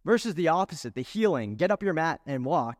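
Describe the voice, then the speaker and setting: A man's voice: on the high side, very animated, a little fast, studio quality. Earnest male pastor in a big hall. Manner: earnest, rhetorical questions, builds emphasis. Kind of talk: sermon. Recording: long reverb in a large hall.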